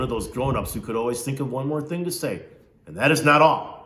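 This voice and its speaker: A man's voice: mid-range voice, brisk, fairly bright tone, roomy sound, slight background noise. A man reading a novel aloud, stopping now and then to ask his listeners questions. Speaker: reader.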